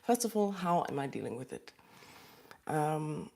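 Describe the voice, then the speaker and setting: A woman hosting a live stream from a small closed room, talking softly and haltingly with pauses and sighs. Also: deep voice, big pitch swings, gravelly. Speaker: livestream host. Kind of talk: emotional live chat.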